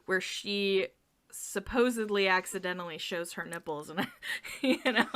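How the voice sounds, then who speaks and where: Bright-voiced woman, podcast cohost, laughs a lot, chatty. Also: mid-range voice, measured pace. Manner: giggly, animated, laughs often. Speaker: podcast co-host. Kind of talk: casual chat.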